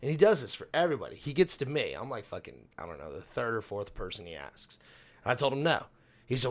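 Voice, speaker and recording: A man's voice: medium pitch, very animated, fast talker. Foul-mouthed young man telling a story. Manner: profane storytelling, swearing constantly. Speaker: podcast co-host. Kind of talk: casual chat.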